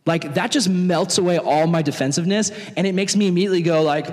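A young man preaching to young people in a lively, conversational way. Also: high-pitched, fast talker. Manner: animated, conversational, acts out voices. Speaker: youth pastor. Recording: long hall reverb.

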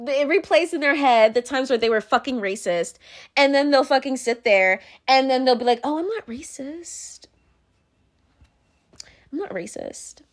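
A young woman talking straight to camera in a blunt, rambling, swear-heavy monologue, often breaking into laughter. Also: high voice. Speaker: vlogger.

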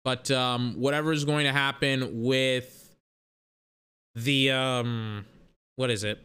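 A man's voice: mid-range voice, fairly even intonation, slow pace, pushed and bright, smooth. A young man in a casual, rambling sports rant that is profane and full of self-corrections.

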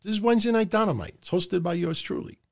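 This middle-aged podcast host has a high, creaky voice and talks fast. He streams live from a room at home under hot lights, giving loose, rambling, profane casual commentary.

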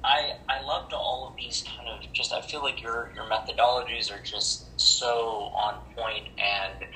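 A man's voice: mid-range voice, steady tone, unhurried, echoey room, slight background noise, rough recording. A man sharing at a support meeting over a video call, rambling and stumbling, praising the others' shares. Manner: rambling, warm toward others, stumbles and restarts. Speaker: recovery meeting member sharing.

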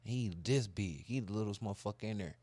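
A man telling a long, animated, profane story in casual chat. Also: on the low side, fast, husky, no room sound. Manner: animated, profane, acts out kids' voices. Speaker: podcast co-host telling a story.

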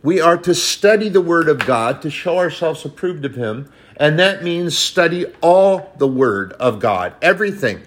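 A man's voice: on the high side, big pitch swings, measured pace, few pauses. Man preaching a sermon. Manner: scripture-quoting, rises to emphatic.

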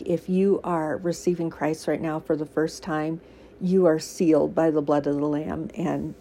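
A woman's voice: deep voice, warm tone, slight background noise. A woman giving a casual, earnest devotional talk to listeners, emotional and teary, with many fillers and frequent laughter. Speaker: faith podcaster.

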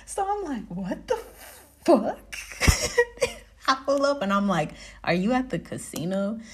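A young woman hosting her podcast, telling a story in casual chat, animated, laughing often and swearing freely. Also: fairly high pitch, unhurried. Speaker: podcast host.

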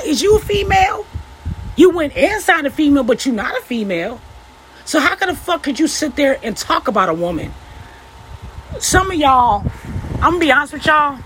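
A young woman on a fired-up rant, swearing freely and calling out her listeners head-on. Her voice sits a little high and swings widely up and down as she presses each point. A faint hum of noise runs underneath. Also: fairly bright tone, low-quality recording. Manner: blunt, profane, confrontational. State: upset. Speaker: vlogger. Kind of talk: heated opinion rant to camera.

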